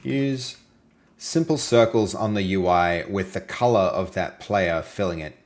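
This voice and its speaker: An Australian man hosting a live game-development stream, chatting casually and playfully with viewers and sometimes trailing off into low mutters as he reads and works. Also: a little slow. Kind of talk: casual live-stream chat while coding.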